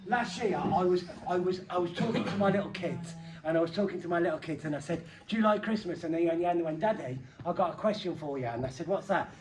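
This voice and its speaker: A middle-aged man performing a comedy magic act, bantering playfully with the crowd and breaking into sudden loud bursts. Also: high-pitched, fast, few pauses.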